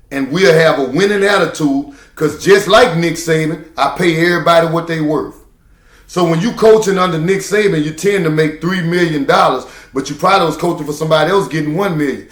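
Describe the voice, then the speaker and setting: A man holds forth on camera in a preachy, emphatic monologue, circling back to the same phrases to drive each point home. His voice sits a little high for a man. The sound rings around an echoey room. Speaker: truck driver.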